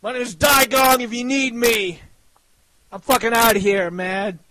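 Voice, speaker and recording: A man giving a loud, profane, boastful hype rant to his viewers, often breaking into shouts. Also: very high voice, fairly even intonation, unhurried, crowd noise, rough recording. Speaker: website owner.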